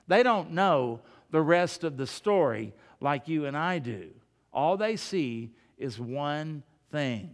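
A man delivers a sermon in a high, smooth, resonant voice, talking to his congregation like folks across the table and asking one rhetorical question after another. His words ring out with the long reverb of a large hall. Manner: conversational, full of rhetorical questions; addresses the congregation directly as folks. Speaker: preacher.

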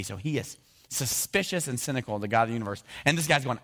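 Lively man preaching, jokes a lot, acts out voices mid-sermon. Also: mid-range voice, quick pace. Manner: animated, jokey, acts out voices of biblical figures. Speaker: pastor.

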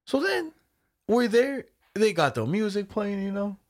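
A young man telling a story in a casual chat, relaxed and profane, slipping into quoted voices. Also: high-pitched, a little slow.

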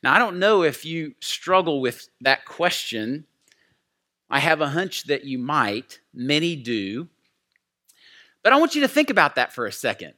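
A man's voice: fairly high pitch, sing-song, measured pace, bright, forceful tone. A man preaching a sermon in an earnest, heartfelt storytelling way. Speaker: pastor.

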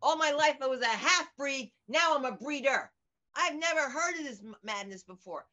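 A middle-aged American woman comedian and teacher, telling stories in an animated, outspoken way during an interview. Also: high-pitched, normal speed. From United States. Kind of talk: conversational interview over video. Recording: dull lo-fi audio.

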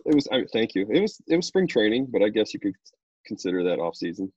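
A man, a pro baseball pitcher, chatting casually in an interview and telling stories loosely with lots of fillers. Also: fast, slightly rough, dry recording, muffled recording. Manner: relaxed, rambling storyteller with many fillers.

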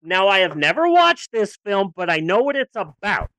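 A podcast co-host in casual movie-review chat who is sarcastic and profane, swinging from loud outbursts to low grumbles. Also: very animated, moderate pace, no room sound.

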